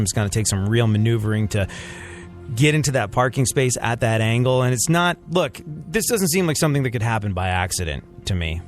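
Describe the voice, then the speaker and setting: Rambling, excitable male comedy podcast host. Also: mid-range voice. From United States. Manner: rambling, excitable, many restarts. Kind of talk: comedic news chat.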